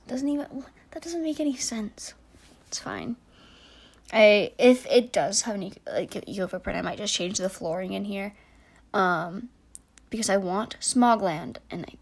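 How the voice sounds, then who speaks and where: Casting: young woman, casual rambling game commentary, mid-pitched, many fillers and muttered asides. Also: creaky. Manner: chatty, rambling, many likes and restarts, trailing soft asides. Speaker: game build YouTuber.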